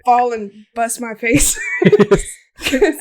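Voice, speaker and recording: Picture a woman with a high, light voice telling rambling work stories on a podcast. She breaks into laughter mid-sentence and piles on "like" as she goes. It is an easygoing chat from an indoor room. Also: slow pace, a crowd in the background. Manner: rambling storyteller, laughs often through her stories. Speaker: podcast co-host. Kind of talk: casual chat.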